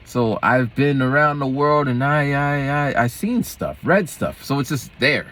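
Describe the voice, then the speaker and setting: A man's voice: medium pitch, lively intonation, unhurried, a bit bright. A man, a schoolteacher, chatting casually to camera and telling rambling stories that jump from topic to topic. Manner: rambling, digressive, jumps between topics. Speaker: schoolteacher and vlogger. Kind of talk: casual vlog storytelling.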